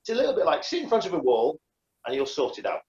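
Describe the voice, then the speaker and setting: A man with a lively, up-and-down voice talks casually over a beer and rambles through restarts and fillers. The sound is roomy and a little dull. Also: on the high side, fast talker. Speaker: karate instructor.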